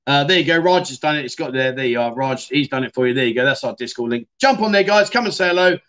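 A man's voice: mid-range voice, lively intonation, quick pace, a bit bright. A middle-aged man hosting a casual livestream, reading viewer comments and chatting in a self-deprecating way. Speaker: livestream host.

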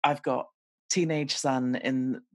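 A woman's voice: very deep voice, steady tone, slow pace, darkish tone, no echo. A woman in her forties, chatting candidly on a podcast, talking about herself with self-deprecating humor. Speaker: podcast guest. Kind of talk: casual conversation.

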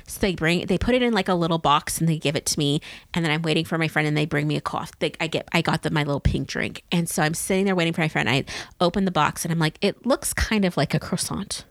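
A woman in her thirties co-hosting a casual podcast, telling stories in an animated, playful, dramatic way. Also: deep voice, fast talker, dry recording. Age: 30s. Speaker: podcast co-host. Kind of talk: casual chat.

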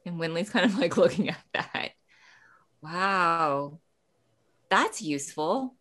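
A woman playing in a tabletop game, chatty and a little hesitant, with a very lively voice that bounces up and down as she talks. She fills gaps with "um" and "like" while she works out what her character does. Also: lowish voice, slow. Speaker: player.

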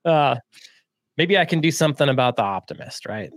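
A man co-hosting a podcast, telling a story in a relaxed, chatty way, with frequent laughs and fillers. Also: medium pitch, dry recording, studio quality. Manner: laid-back, laughs often, quick bursts with lots of fillers. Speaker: podcast co-host. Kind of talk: casual storytelling chat.

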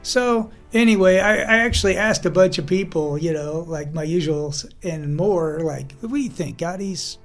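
A man hosting a podcast in casual chat, an animated storyteller who acts out the voices he quotes and laughs often. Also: high-pitched, normal speed, hardly any pauses, faint music behind. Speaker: podcast host.

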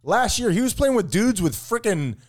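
A man's voice: high-pitched, sing-song, moderate pace. Joking middle-aged man, a bit sick. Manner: joking, rambling, trails off mid-thought. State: a bit sick, deeper voice today. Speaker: podcast co-host. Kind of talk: casual chat.

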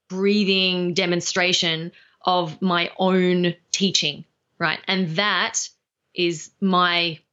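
A woman's voice: on the low side, a bit bright. A woman speaking trainer, a guest on a podcast, talking confidently and emphatically in a casual interview. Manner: confident, emphatic, quick to laugh. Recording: dull, lo-fi sound.

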